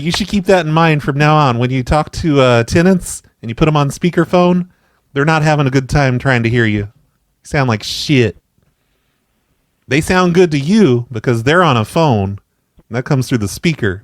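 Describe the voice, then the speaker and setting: A man running a prank phone call with a deadpan, stubborn delivery, sounding mock-offended at every turn. His voice sits at an ordinary middle pitch. It comes through close and dry, with no room sound at all. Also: moderate pace, no room sound. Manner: deadpan, persistent, feigning offense. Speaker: prank caller and show host.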